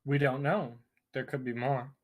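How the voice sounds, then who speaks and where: A player speaking in character in a tabletop game, polite and hesitant with frequent pauses. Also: medium pitch, steady tone. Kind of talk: tabletop game role-play.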